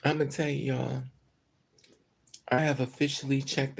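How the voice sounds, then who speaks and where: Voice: medium pitch, fairly even intonation, moderate pace, long pauses, darkish tone, a little hiss or hum. Upset vlogger ranting to the camera, cursing a lot, lots of um and uh, cried out all day. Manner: angry, profane venting with frequent fillers. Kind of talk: emotional monologue to camera.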